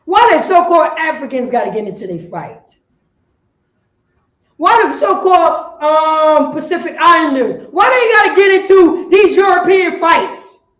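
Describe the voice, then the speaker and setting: A woman preaching on the street, firing rhetorical questions and bursting into shouts. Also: very high-pitched, lively intonation, measured pace, roomy sound, rough recording.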